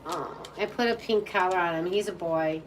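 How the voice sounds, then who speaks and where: A woman's voice: on the low side, normal speed. A woman tarot reader chatting casually and cooing in baby talk to her dog. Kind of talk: casual chat. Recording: distant mic with faint background hum.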